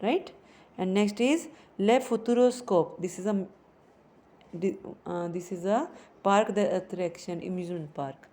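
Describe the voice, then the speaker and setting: A woman teaching a French lesson, explaining slowly and repeating phrases for her students. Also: medium pitch, darkish tone.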